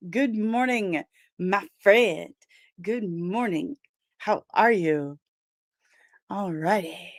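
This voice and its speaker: A woman's voice: mid-range voice, extremely slow, pauses often. A young woman hosting a casual livestream, chatting and greeting viewers by name, with easy laughs. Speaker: livestream host.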